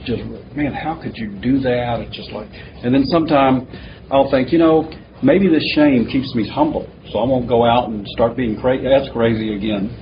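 A man's voice: medium pitch, moderate pace. A man in a recovery meeting earnestly sharing his struggle and asking a question, searching for words with many fillers. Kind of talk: sharing at a twelve-step meeting. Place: meeting room. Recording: muffled recording with audible hiss.

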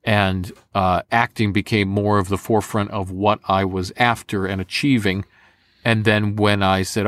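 A man in a relaxed interview about voice acting, talking in an animated, rambling way and joking often. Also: on the low side, dry recording. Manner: animated, rambling, quick to joke. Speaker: voice actor guest. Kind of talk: casual interview chat. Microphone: home studio condenser mic.

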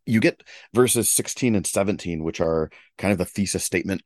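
A man with a low, deep voice leading a relaxed conversation about scripture and posing questions to his co-host. The sound is close and dry. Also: a little fast, no room sound. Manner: relaxed, asks questions and guides the discussion. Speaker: podcast co-host. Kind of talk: conversational Bible discussion.

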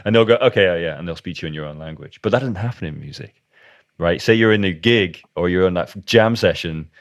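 Low-voiced rambling British podcast host. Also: male voice, fast, dry recording. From United Kingdom. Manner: rambling, restarts sentences, acts out little dialogues. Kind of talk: casual conversational interview.

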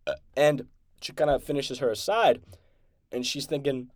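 Excited rambling man recapping a show. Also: medium pitch, moderate pace, no room sound, clean studio sound. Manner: excited rambling with many restarts and fillers. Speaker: podcast host. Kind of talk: casual recap and review.

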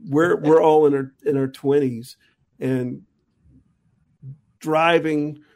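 Speaking slowly in a fairly high, slightly mellow voice with fairly even intonation, a middle-aged man who tours as a jazz musician and teaches college rambles through an anecdote. He's a guest in a casual conversation and restarts many times.

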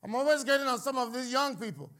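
High-voiced man preaching with fervor. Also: lively intonation, fast talker. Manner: impassioned, building to shouts, with joking asides. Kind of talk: sermon.

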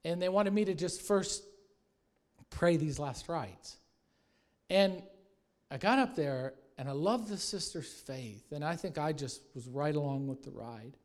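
A man preaching a sermon with animated storytelling, growing soft and hushed at reverent moments. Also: fairly high pitch, a little slow. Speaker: pastor.

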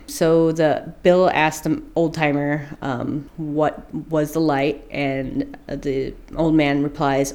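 A woman's voice: sits low, little pitch movement, takes it slowly, hardly any pauses, darkish tone. A woman co-hosting a podcast, telling a spooky story in a rambling, casual way, swearing and laughing at her own slips. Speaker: podcast co-host.

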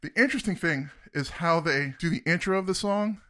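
A man's voice: fairly high pitch, a little fast, a bit bright, slight background noise. A man co-hosting a podcast, chatting eagerly about music and laughing often. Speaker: podcast co-host. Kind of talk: casual music discussion.

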